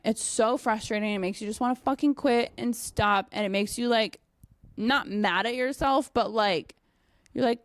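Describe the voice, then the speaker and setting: A young woman and dog trainer telling a casual story, animated, with many fillers and frequent swearing. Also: mid-range voice, normal speed, no echo, clean studio sound. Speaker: dog trainer and company owner.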